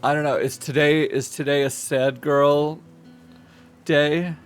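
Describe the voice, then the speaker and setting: A man's voice: on the high side, flat delivery, slow, smooth, faint music behind. A man streaming a game, joking and rambling in casual chat and comic narration.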